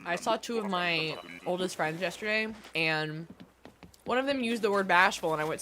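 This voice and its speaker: A woman's voice: on the low side, brisk, fairly bright tone, soft background music. A young woman streaming a game, chatting casually and answering her chat, with a stuffy nose. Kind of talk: casual chat while gaming.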